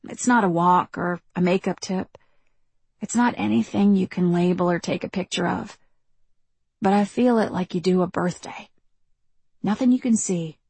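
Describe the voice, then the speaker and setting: A woman narrating a first-person novel in a measured, reflective telling. Her voice sits low with a husky, breathy texture, and the close studio sound is dry and without room echo. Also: a little mellow. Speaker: audiobook narrator.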